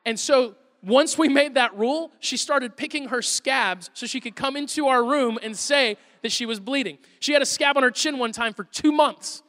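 A man's voice: very high voice, moderate pace, hardly any pauses, a bit bright. A man in his thirties preaching an Easter sermon as pastor, telling funny stories about his kids with self-deprecating asides. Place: church auditorium. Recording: long reverb of a large hall.

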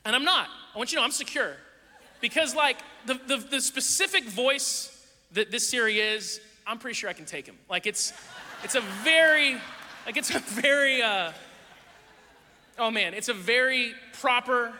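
A man preaching a humorous sermon, telling animated stories and jokes to a live congregation. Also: very high voice, moderate pace, a little hiss or hum. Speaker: pastor. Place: large hall with a live audience. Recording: live hall with long reverb.

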